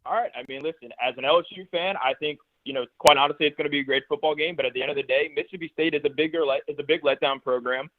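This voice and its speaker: A man's voice: fairly high pitch, rapid-fire, few pauses, dry recording. Needling male caller on a phone line. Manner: mock-polite, needling.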